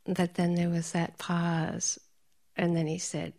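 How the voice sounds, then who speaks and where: A woman meditation teacher gives a dharma talk in a lowish, monotone voice, taking it slowly. She tells stories, laughs often, and drops into soft whispers.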